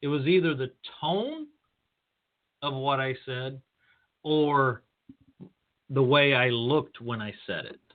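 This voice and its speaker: A man hosting a podcast, giving career advice in a deliberate, lecturing storytelling manner. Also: mid-range voice, animated. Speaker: podcast host. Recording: tinny phone-line sound.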